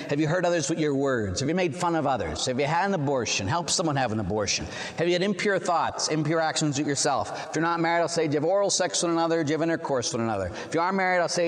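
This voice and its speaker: In a big-room sound, a priest with a slightly high voice preaches a Catholic sermon built around stories. He tells them with animation, performing the quoted voices of the people in them.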